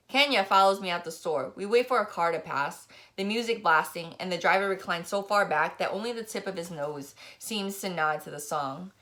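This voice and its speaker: A woman's voice: fairly low pitch, normal speed, few pauses, sharp tone. A woman reading a novel aloud, narrating expressively in the first person. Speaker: reader.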